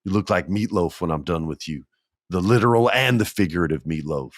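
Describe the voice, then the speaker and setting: A trash-talking pro wrestler sneers insults in a deep, low voice, as a man puts him on. The sound is dry and close, with no room around it. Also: a little fast, dry recording. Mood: sneering. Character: cocky menacing male pro wrestler taunting.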